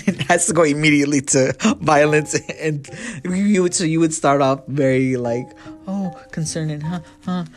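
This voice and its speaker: A man casually telling a story to his viewers about his time as a manager, animated and profane, and acting out both sides of the dialogue. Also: on the high side, normal speed, faint music behind.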